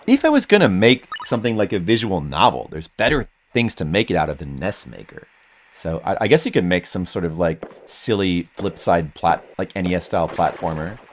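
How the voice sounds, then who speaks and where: A man's voice: low voice, very animated, brisk, slight background noise. A man streaming a game, rambling casually to his chat and now and then putting on a mock rage. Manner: rambling, chats with viewers, bursts into mock rage.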